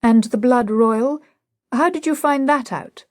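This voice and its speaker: A woman's voice: fairly high pitch, unhurried, no room sound, studio quality, voice pushed up, natural voice. A woman reading an audiobook, voicing a gloomy, contemptuous male professor who replies curtly and morosely.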